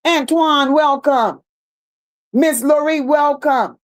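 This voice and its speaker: High-voiced, slow-talking woman host. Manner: blunt and sassy, repeats phrases for emphasis. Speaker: livestream host. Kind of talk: casual commentary reading viewer chat.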